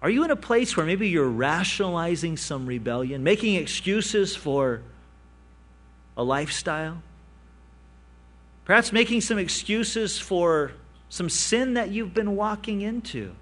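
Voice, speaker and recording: Animated male pastor preaching. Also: high-pitched, a little slow. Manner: animated storytelling, rising for emphasis and dropping to quiet asides. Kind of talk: sermon.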